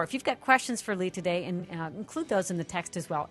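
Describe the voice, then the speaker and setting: Woman radio host, lowish voice, upbeat and emphatic, soft music bed behind. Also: animated, quick pace. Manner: enthusiastic, emphatic promo reading. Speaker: radio talk show host. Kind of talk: radio show hosting.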